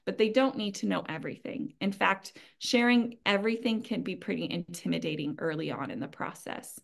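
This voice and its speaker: Creaky-voiced woman giving practical advice. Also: mid-range voice, lively intonation, normal speed, few pauses. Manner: earnest, advising, frequent ums and light laughs. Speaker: webinar presenter. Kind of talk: conversational training talk.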